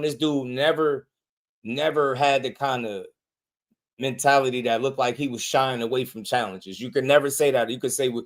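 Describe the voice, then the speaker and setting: A man hosting his own boxing channel, talking in loose slangy commentary. He repeats phrases, leans on bro and man, and keeps an animated, fired-up delivery at a middle pitch. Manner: animated, repetitive, slangy, calls listeners bro. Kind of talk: casual commentary.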